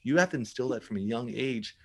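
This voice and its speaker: A man's voice: medium pitch, expressive, a little fast, slight background noise. A middle-aged man talking casually as a podcast guest, emphatic and full of restarts and repeated words. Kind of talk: casual interview talk.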